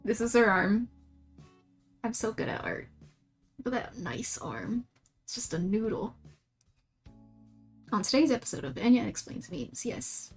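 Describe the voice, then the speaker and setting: A woman's voice: on the high side, big pitch swings, a little slow, creaky, long pauses, slightly rough, soft background music. Giggly young woman rambling while drawing. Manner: rambling, giggly, self-mocking. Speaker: streamer. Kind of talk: casual livestream chat while drawing.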